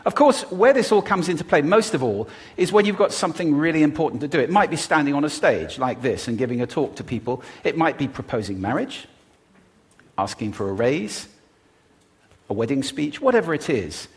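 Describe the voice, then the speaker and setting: A man giving a talk on stage to a live audience about speaking, deliberately varying his pitch, pace and volume. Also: very animated. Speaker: public speaker on voice.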